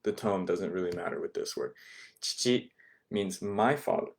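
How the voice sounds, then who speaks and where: Low, mellow-voiced man teaching a language class. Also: fairly quick, vocal fry. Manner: patient, repeats words and checks with "okay?".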